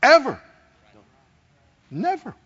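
A man's voice: extremely high pitch, wildly swooping pitch, very slow, sharp tone. A man preaching a sermon as pastor, calling out to the congregation and acting out complaining voices. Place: church sanctuary. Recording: dull sound, long hall reverb.

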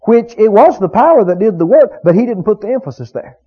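A man's voice: high-pitched, a little fast, few pauses, slightly rough. A man preaching a sermon, emphatic and full of rhetorical questions to his congregation. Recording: dull lo-fi recording.

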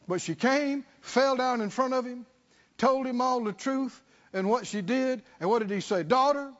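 With a very high-pitched voice at a moderate pace, a preacher hammers home his message through repetition, rhetorical questions and calls for the congregation's response. It's captured in a dull, lo-fi sermon recording.

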